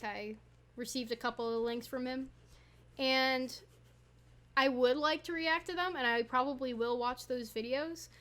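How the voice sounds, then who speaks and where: A woman's voice: a little high, a bit bright. A young woman chatting casually while showing a tutorial, playful and rambling with little asides. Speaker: YouTuber.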